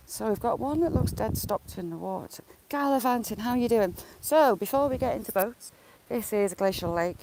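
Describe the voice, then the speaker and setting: A woman's voice: on the high side, lively intonation, normal speed, creaky, mellow, a little hiss or hum, poor audio. Sarcastic woman live-streaming outdoors. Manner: chatty and teasingly sarcastic, greeting viewers by name. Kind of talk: casual live-stream chat. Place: outdoors walking beside a lake.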